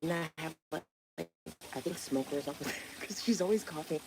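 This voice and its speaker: Brisk and animated, this low-pitched woman hosts a casual livestream outside by a pond. She rambles, swears now and then, and answers viewer comments out loud while outdoor noise carries in the background.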